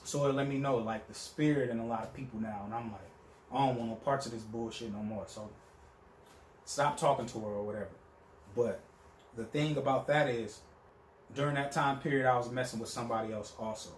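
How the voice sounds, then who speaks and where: A man's voice: medium pitch, fairly quick, reverberant, a little hiss or hum. A young man telling a story in a casual, profane monologue, acting out the people he quotes. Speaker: vlogger.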